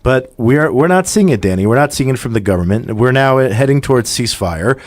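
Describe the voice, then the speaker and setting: A man's voice: medium pitch, expressive, a little fast, no echo. A man hosting a radio podcast in a studio, talking conversationally with frequent restarts. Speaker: podcast host. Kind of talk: radio talk show hosting.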